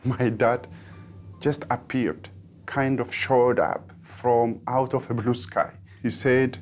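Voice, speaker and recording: Earnest man, flat steady voice. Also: medium pitch, slow pace, slight background noise. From Ethiopia. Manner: earnest, strings clauses with "and then". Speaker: testimony speaker. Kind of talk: personal testimony.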